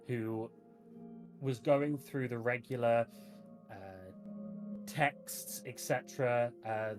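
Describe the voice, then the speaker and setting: A woman narrating as game master of a tabletop game in an unhurried way, with hesitant fillers. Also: rumbling low, a little mellow.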